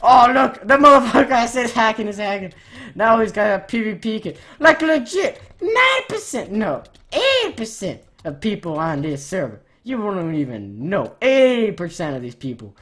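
A woman gamer narrating her own play in a loose, profanity-heavy running commentary. She rants and bursts into loud, excited shouts, then drops back to muttering, at a middle pitch for a woman. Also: normal speed. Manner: excitable ranting, swears a lot, loud outbursts.

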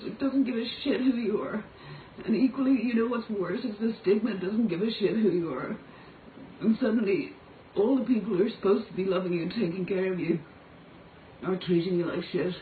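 A woman's voice: mid-range voice, brisk, recorded from a distance. An Irish woman pours out a raw, profane, pleading confessional monologue. Her voice comes from a little way off the mic, through tinny, phone-like audio. It bounces around an echoey room with a faint hiss underneath. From Ireland. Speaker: singer making a personal video. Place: motel room.

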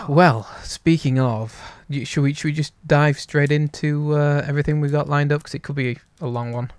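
A man's voice: a little high, normal speed, hardly any pauses, smooth, no echo, studio quality. A man co-hosting a casual talk show, rambling in an easygoing way. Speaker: podcast co-host. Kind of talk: casual chat.

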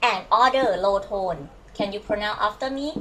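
Bright-voiced Thai woman teaching slowly. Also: medium pitch, rough recording. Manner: slow, patient, repeats words for learners to copy. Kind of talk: language lesson.

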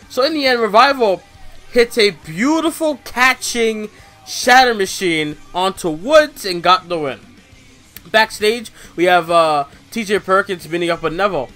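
A man's voice: high-pitched, animated, moderate pace, pushed and bright, faint music behind. A young man casually recapping a wrestling show in slangy, rambling talk full of fillers.

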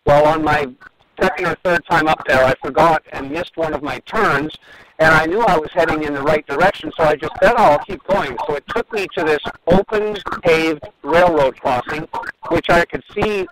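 Man telling a story over loud crowd noise. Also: fairly high pitch, moderate pace, poor audio. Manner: earnest, repeats words while recounting. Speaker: dermatologist guest. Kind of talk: phone-in storytelling.

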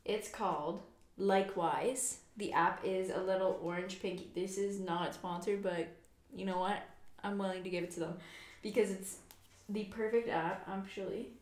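A woman co-hosting a laid-back podcast from a quiet room at home. She rambles happily, scattering "like" through her sentences and laughing often. Her voice rings a little in the room's echo. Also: medium pitch, steady tone, moderate pace. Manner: chatty, says "like" a lot, laughs often. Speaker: podcast co-host. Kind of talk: casual chat.

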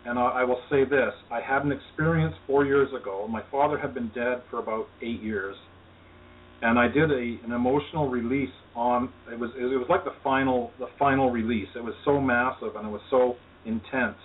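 A man of middle pitch tells his story in an earnest, reflective way as a guest on a call-in interview. He sounds distant on a thin, tinny phone line, with a faint hiss underneath. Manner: earnest, reflective, talks of spirituality. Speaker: energy healer, interview guest.

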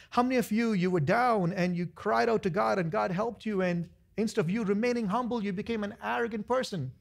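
A man pastor preaching a lively sermon to his church, acting out voices of the people in his stories. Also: high-pitched, brisk, creaky, hardly any pauses. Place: church sanctuary.

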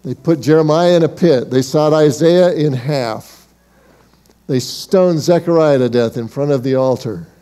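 A man preaching a church sermon, asking rhetorical questions and calling his listeners beloved, moving from emphatic lines to hushed ones. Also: on the high side, measured pace. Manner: dynamic delivery, shifting from emphatic to hushed. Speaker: pastor.

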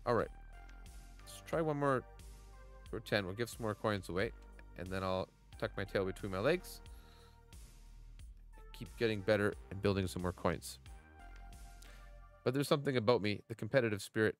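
A man's voice: fairly low pitch, moderate pace, pauses often, soft background music. A man in his thirties giving playful, chatty commentary while streaming a mobile golf game and greeting viewers by name.

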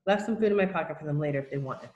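A cheeky, giggly young schoolboy, as a woman reading aloud puts him on, mumbling and smug by turns. Her low-set voice has a roomy echo around it. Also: racing, a little mellow, muffled recording, natural voice. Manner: mumbling, then giggling helplessly.

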